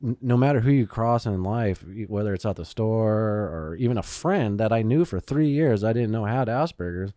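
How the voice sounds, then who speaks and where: A man's voice: on the low side, expressive, moderate pace, few pauses, dark tone, dry recording, clean studio sound. A man hosting a podcast, telling a story in casual chat, swearing often and using lots of fillers. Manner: profane storytelling, swears a lot, many fillers. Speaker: podcast host.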